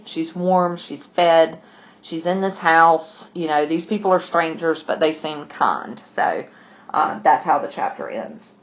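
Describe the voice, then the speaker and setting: A woman teacher casually retelling a novel's chapters for her class, chatty, with asides to listeners. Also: on the low side. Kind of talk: casual book discussion lesson.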